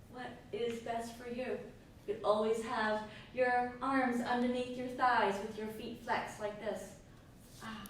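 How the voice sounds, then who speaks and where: A woman leads a yoga class, her voice gentle and encouraging as she asks how you are feeling. She is heard from a distance in a strongly echoing room with a faint hiss behind her. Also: fairly high pitch. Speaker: yoga teacher. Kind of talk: guided yoga class instruction. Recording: echoey room, mic far off, faint hiss.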